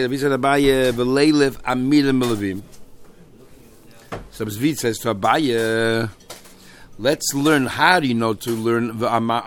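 A man's voice: medium pitch, fairly bright tone, slight background noise. Man, Talmud teacher, reads then translates, chatty, fillers. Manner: reads Aramaic phrases then translates them, with many fillers. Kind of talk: explaining a Talmud page.

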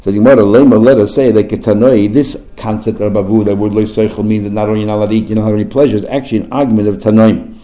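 A man teaching a Talmud class, explaining in quick bursts with frequent restarts and Aramaic terms mixed into English. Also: fairly low pitch, fairly even intonation, dark tone, rough recording.

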